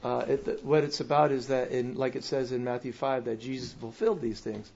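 A man's voice: mid-range voice, steady tone, a little fast, vocal fry, darkish tone, lo-fi sound. A man in a study group who makes his point with hesitant restarts. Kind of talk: casual discussion.

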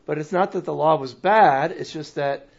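A man's voice: on the high side, moderate pace, vocal fry, lo-fi sound. A man in a study group who makes his point with hesitant restarts. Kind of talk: casual discussion.

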